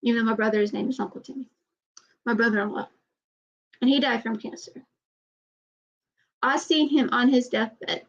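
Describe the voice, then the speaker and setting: A woman vlogging in casual personal talk, halting, often repeating herself and trailing off. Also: on the high side, gravelly, highs cut off.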